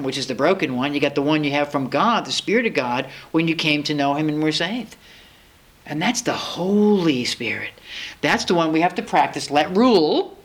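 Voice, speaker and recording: Earnest woman in her sixties preaching. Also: deep voice. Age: 60s. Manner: earnest, acts out her talks with God. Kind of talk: sermon. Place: church.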